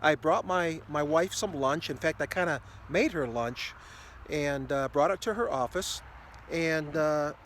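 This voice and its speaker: A man in his sixties hosts a ministry video, telling a rambling everyday story to camera with lots of fillers and restarts. His voice is fairly high pitched and a bit bright, with slight background noise.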